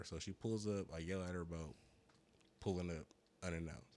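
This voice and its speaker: A man rambles through a long story in casual podcast talk. He curses freely, uses a lot of slang, and sounds high. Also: brisk, darkish tone. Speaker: podcast co-host. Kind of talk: casual chat.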